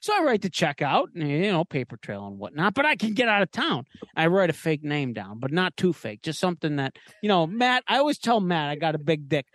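A man's voice: fairly high pitch, very animated, brisk, few pauses, fairly bright tone, dry recording. A man hosting a podcast, telling a crude comic horror story in a rambling way and laughing at his own jokes. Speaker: podcast host. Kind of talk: comedic spooky storytelling.

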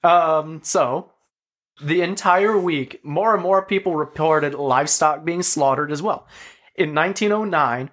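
A man's voice: a little high, measured pace, a bit bright. A man co-hosting a podcast, telling a story in casual chat, swearing and laughing often. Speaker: podcast co-host.

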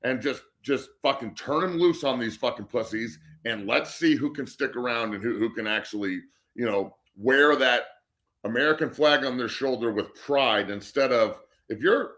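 A man's voice: medium pitch, a bit bright. A middle-aged man ranting bluntly and profanely as a guest on a casual sports talk show. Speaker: guest co-host.

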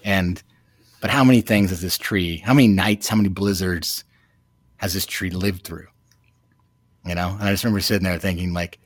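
Low-voiced reflective man telling a story. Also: no echo. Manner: reflective, halting with many fillers. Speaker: guest telling a personal story. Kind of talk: casual storytelling.

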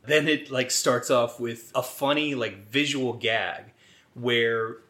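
Male podcast co-host, casual and profane, mid-pitched, easygoing delivery. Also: steady tone, slow, bright, forceful tone. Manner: laid-back, swears casually, often laughs while talking. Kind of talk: casual chat.

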